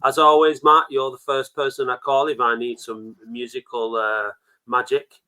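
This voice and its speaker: Male co-host, bright tone, chatty, teasing interviewer. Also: medium pitch, flat delivery, normal speed. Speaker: podcast co-host. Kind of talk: casual chat.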